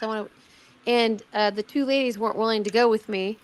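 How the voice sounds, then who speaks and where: A middle-aged woman telling a personal story in casual chat, animated, acting out what people said, with many restarts. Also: fairly high pitch, brisk. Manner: animated, acts out quoted voices, many restarts. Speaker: guest recounting a personal experience.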